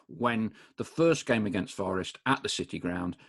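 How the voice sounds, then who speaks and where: A man's voice: lowish voice, expressive, normal speed. A man hosting a supporters' podcast, asking questions in an eager, enthusiastic way. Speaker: podcast host, club supporter. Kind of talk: casual interview.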